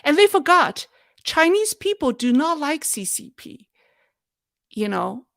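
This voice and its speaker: Slow-talking woman host, dry close sound. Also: high-pitched, sing-song, gravelly, no room sound. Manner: thoughtful, halting, with restarts and soft laughs. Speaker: host of a live Q&A show. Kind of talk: live chat answering viewer questions.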